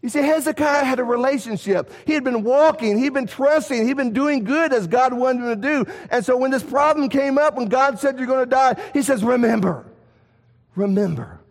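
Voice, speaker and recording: A man preaching a sermon, rising to emphatic shouts and dropping to quiet, low lines. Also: a little fast, few pauses. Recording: echoey hall reverb.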